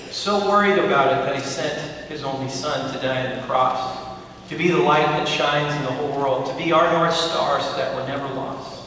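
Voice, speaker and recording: A man's voice: mid-range voice, normal speed, fairly bright tone, a little hiss or hum. A young man preaching a sermon as pastor, telling stories with playful asides to the congregation. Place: church sanctuary. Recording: echoey church from far off.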